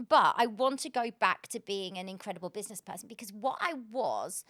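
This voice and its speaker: A woman, a podcast guest telling her story in a casual, animated way and laughing often. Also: mid-range voice, brisk, few pauses, no echo, studio quality.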